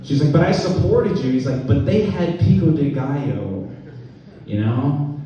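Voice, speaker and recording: A young man doing a stand-up comedy set, with deadpan delivery and slow-landing punchlines. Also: on the high side, dull audio. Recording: echoey room from far off the mic.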